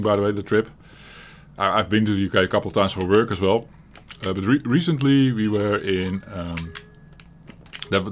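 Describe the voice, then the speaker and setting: The speaker is a man with a lowish voice and a Dutch accent from the Netherlands, hosting a retro gaming channel. His casual gameplay commentary is chatty and meandering, broken by frequent chuckles and restarts. Slight background noise is audible.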